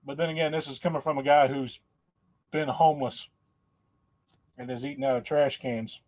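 A man's voice: medium pitch, steady tone, moderate pace, a little mellow. A man hosting a casual livestream, rambling in a folksy, self-mocking way and laughing often. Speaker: host.

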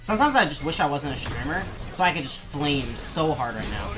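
Young man, streamer, casual storytelling, animated, heavy swearing, music behind. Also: on the high side, brisk, few pauses.

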